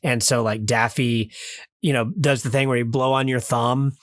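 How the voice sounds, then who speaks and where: A man's voice: medium pitch, fairly even intonation, moderate pace, no echo, clean studio sound. A man in his thirties co-hosting a podcast, reviewing a film in casual chat, rambling with many fillers and restarts. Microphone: remote call mic.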